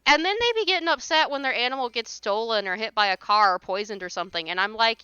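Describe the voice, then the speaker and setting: A woman's voice: fairly high pitch, fast talker, few pauses, pushed and bright, clean tone, no room sound, dull audio. A woman livestreamer chatting casually while gaming, ranting in an exasperated, blunt way and swearing.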